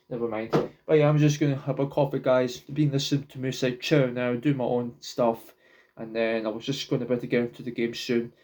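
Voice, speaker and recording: Halting young man vlogging. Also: medium pitch, mellow. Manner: halting, repeats and restarts words. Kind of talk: casual rambling to camera.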